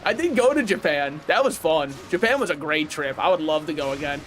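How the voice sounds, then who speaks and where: High-voiced rambling American young man. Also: brisk. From United States. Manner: rambling, self-correcting, excitable outbursts. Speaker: streamer. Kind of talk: casual gaming livestream chat.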